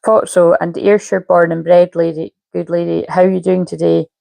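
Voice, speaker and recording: A woman's voice: fairly low pitch, level tone, normal speed, gravelly, dark tone, dry recording, low-quality recording. A woman, a spiritual coach chatting casually on a live stream and muttering to herself while she fiddles with settings.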